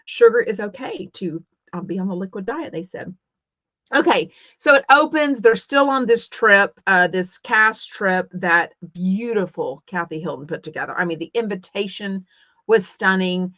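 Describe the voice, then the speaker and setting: A middle-aged woman from Texas, Texan accent and all, hosts a casual livestream podcast where she chats and rambles with many fillers and restarts. Her mid-range voice is animated and a bit bright, at a moderate pace. The recording is dry, dull and lo-fi.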